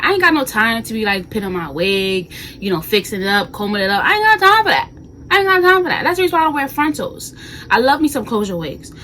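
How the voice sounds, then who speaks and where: A woman's voice: fairly high pitch, a little hiss or hum, rough recording. A woman in her twenties from New York, chatting casually and animatedly to viewers in a home vlog. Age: 20s. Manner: animated, sassy, talks straight to viewers with slang. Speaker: vlogger. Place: bedroom at home.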